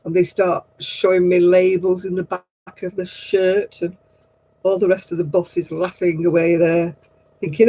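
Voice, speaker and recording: A woman's voice: fairly low pitch, flat delivery, a little slow, mellow, breathy edge, poor audio. A woman hosting a livestream craft night, who chats casually, tells stories and laughs at herself often. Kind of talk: casual chat.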